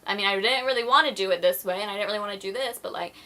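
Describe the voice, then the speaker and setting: Bright-voiced chatty woman vlogger. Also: medium pitch, very fast. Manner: chatty, filler-heavy, apologetic, acts out quoted exchanges. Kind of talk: casual vlog chat to camera.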